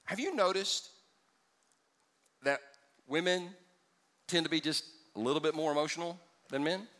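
Lively joking pastor, bright voice in a reverberant church hall. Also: male voice, a little high, moderate pace. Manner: animated and joking with the congregation, swinging from loud to hushed. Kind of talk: sermon. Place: church sanctuary before a congregation.

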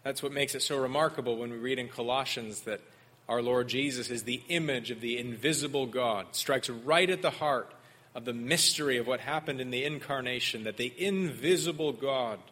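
A man preaching an expository sermon, earnest and measured. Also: mid-range voice, sharp tone. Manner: earnest expository preaching, mimics sarcastic voices in quotes.

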